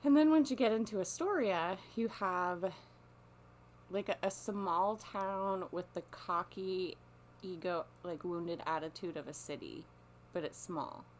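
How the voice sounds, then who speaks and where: A woman with a fairly low voice tells a story in a loose, casual monologue. She rambles and swears freely, doubling back and restarting her sentences as she goes. A faint hum sits under her voice. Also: measured pace. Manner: rambling, profane, full of restarts. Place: lives on a small coastal peninsula.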